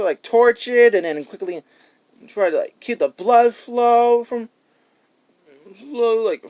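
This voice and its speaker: High, smooth-voiced rambling man. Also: darkish tone. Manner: rambling, full of "like" and restarts; laughs often and acts out scenes. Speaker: movie reviewer. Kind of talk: casual spoken movie review.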